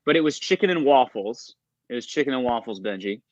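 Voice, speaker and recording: A man co-hosting a casual livestream chat, animated and jokey. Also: medium pitch, fairly quick, no room sound, lo-fi sound. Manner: animated, jokey, reads menus aloud. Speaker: co-host.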